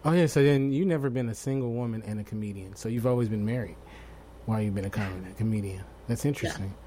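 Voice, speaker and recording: A man hosting a casual interview with a fellow comedian, easygoing and quick to laugh, sometimes searching for his words. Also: lowish voice, dark tone, slight background noise. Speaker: podcast host and comedian.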